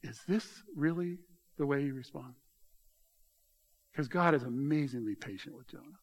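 A middle-aged man preaching a sermon, animated and often exclaiming with mocking asides. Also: mid-range voice, normal speed. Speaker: pastor.

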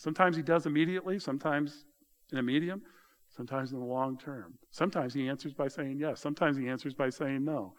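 A man preaching a sermon in a conversational way, explaining words and slowing down to drop softly on key phrases. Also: medium pitch. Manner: conversational, explains word meanings, tells people to underline; slows for emphasis, drops soft on key phrases. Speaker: pastor.

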